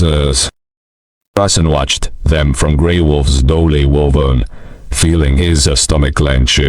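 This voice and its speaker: A man narrating a western story in a measured way, with occasional fillers, on a close mic. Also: low-pitched, no echo, distant mic.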